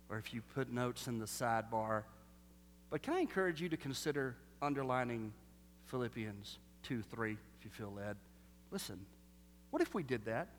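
A man preaching a sermon, animated and full of rhetorical questions, swinging between loud bursts and hushed lines. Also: mid-range voice, moderate pace, slight background noise. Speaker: pastor. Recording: long reverb of a large hall.

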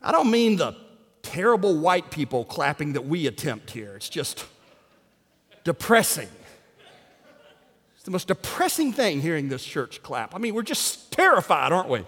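A man preaching a comic, animated sermon, poking fun at himself and bursting into shouts. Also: a little high, normal speed, long pauses, breathy edge, big-room sound. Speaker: pastor. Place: large church sanctuary.

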